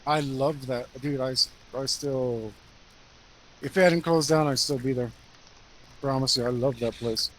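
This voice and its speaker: A man's voice: medium pitch, steady tone, unhurried, fairly bright tone, low-quality recording. A man chatting casually with friends, telling bar stories in a laid-back way, laughing often and trailing off with fillers.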